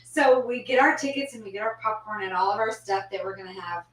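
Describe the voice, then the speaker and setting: A woman co-hosting a podcast in casual chat, an animated storyteller who laughs often and drops to murmurs. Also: mid-range voice, quick pace. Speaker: podcast co-host. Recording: roomy sound from a distance, faint hum.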